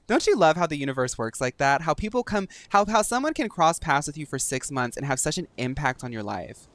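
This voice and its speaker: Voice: medium pitch, sing-song, fairly quick, fairly bright tone, no echo. A young adult streamer chatting casually and rambling with lots of fillers while gaming.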